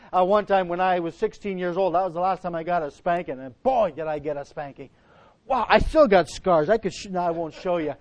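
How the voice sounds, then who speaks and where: A middle-aged pastor with a notably high voice preaches in a homely, meandering way, often stopping and restarting his sentences. The sound is muffled and lo-fi. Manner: folksy, rambling, frequent restarts. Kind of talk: sermon with personal story. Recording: dull lo-fi recording.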